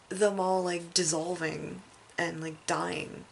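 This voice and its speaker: A woman vlogger talks through a film in a loose, casual ramble. Her voice sits fairly low with a gravelly edge, and she laughs often and breaks into sudden excited outbursts. A faint hiss of background noise runs under her. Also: a little slow. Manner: animated, laughs often, acts out lines in bursts.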